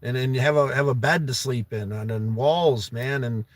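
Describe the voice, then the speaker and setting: A man's voice: medium pitch, moderate pace, dry recording. A young man hosting a livestream, earnestly pleading with a viewer he calls brother to come stay at his home. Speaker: livestream host. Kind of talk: emotional heartfelt live-stream talk.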